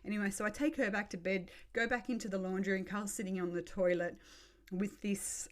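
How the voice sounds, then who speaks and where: A woman's voice: medium pitch, steady tone, brisk. A woman, hosting a podcast and telling a story in a frank, sweary way. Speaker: podcast host. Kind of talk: casual storytelling.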